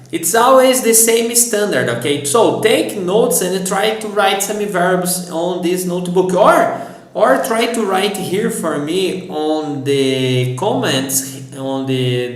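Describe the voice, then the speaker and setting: A man with a Brazilian accent, a native Portuguese speaker, giving an online language lesson and patiently spelling out each verb form. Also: a little high. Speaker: Portuguese teacher. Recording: roomy echo.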